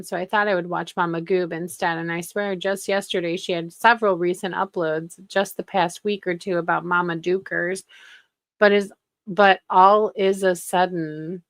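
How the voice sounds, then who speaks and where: A woman's voice: lowish voice, no room sound. A woman hosting casual commentary in a sarcastic, gossipy way. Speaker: commentary channel host.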